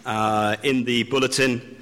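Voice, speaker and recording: A man from Britain preaching a sermon, telling a self-deprecating story with slow, drawn-out pauses. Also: medium pitch, steady tone, a bit bright. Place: church hall. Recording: long hall reverb.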